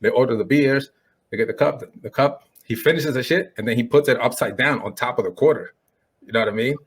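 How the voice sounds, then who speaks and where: A man co-hosting a podcast, telling an animated bar story, acting out the people in it and repeating "boom, boom" and "right?". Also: quick pace, breathy edge. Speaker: podcast co-host. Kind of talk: casual storytelling chat.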